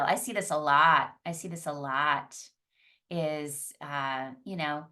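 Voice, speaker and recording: Female psychologist and yoga teacher, earnest conversational teacher, lowish voice, slightly distant mic. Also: lively intonation, normal speed, sharp tone. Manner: earnest, conversational, often restarts and repeats phrases. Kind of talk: teaching talk on emotional healing.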